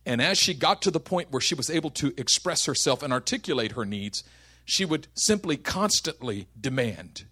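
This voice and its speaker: A man's voice: mid-range voice, animated, moderate pace, pushed and bright, slightly rough. A man in his thirties preaching a sermon, telling funny family stories and building to impassioned preaching. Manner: storytelling, humorous then building to impassioned preaching. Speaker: pastor.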